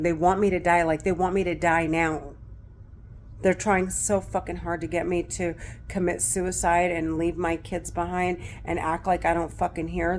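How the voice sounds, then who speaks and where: In a lowish, darkish voice with a little hiss or hum in the audio, a middle-aged woman vlogs straight to camera. She's upset and close to crying, speaking in an agitated, repetitive way laced with profanity.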